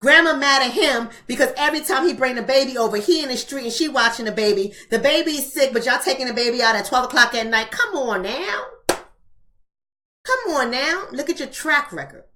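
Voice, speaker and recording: Blunt, preachy woman with a bright voice. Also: sits high, quick pace, hardly any pauses. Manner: emphatic, preachy, blunt, repeating rhetorical questions. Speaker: book club host. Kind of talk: live-streamed book club talk.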